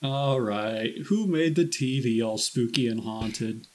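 A man co-hosting a comedy podcast, trading dry, deadpan jokes with his partner. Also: mid-range voice, takes it slowly. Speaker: podcast co-host.

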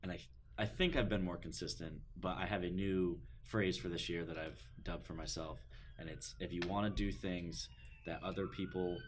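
A young college-age man talking casually on a podcast among friends. His voice is very deep, and his manner is relaxed and agreeable. A faint noise sits behind him. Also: normal speed. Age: young adult. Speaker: college golfer, podcast regular. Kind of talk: casual chat.

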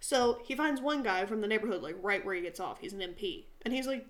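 A woman's voice: medium pitch, expressive, quick pace, hardly any pauses. A young woman co-hosting a casual podcast, telling stories in a chatty way, swearing freely and acting out the people in them. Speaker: podcast co-host. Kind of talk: casual chat.

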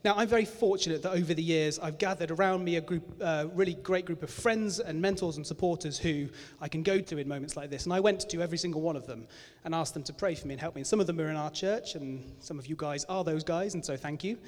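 A man's voice: fairly high pitch, fast talker, few pauses, a little mellow. A man giving a candid, self-deprecating sermon in a conversational manner, recorded in a church hall. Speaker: preacher. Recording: echoey hall reverb.

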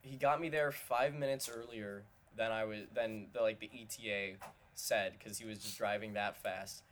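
A man co-hosting a podcast, telling a lively story in casual chat. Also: fairly low pitch, moderate pace, a little hiss or hum. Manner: animated storytelling, often quoting others. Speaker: podcast co-host.

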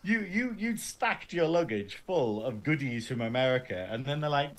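A man co-hosting a casual podcast, excitable and sweary, tripping over his own restarts. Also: mid-range voice, normal speed, hardly any pauses. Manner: animated, stumbling restarts, sweary. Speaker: podcast co-host.

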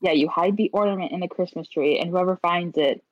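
A woman's voice: lowish voice, a little fast, crowd noise. A woman co-hosting a casual holiday podcast chat, explaining things at length in an amused, chatty way. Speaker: podcast co-host. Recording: dull lo-fi mic.

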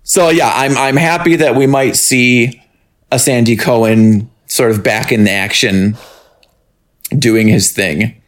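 A man's voice: mid-range voice, slow. A man co-hosting a podcast, chatting casually as he recaps a TV episode, rambling and laughing often. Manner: rambling, laughs often, breaks into silly singing. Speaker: podcast co-host. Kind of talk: casual chat recapping a TV show.

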